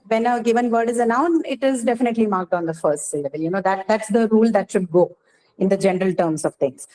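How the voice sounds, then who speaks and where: A woman's voice: medium pitch, a little mellow, low-quality recording. Woman, English teacher, classroom lecture, patient explainer who keeps asking if the class follows.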